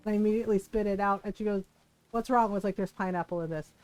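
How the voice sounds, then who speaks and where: A woman's voice: medium pitch, fairly even intonation, very fast, darkish tone, no room sound. A woman streaming a game, chatting casually and telling stories, acting out what her family said. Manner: chatty anecdotal storytelling, acts out family quotes. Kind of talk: casual live-stream chat while playing.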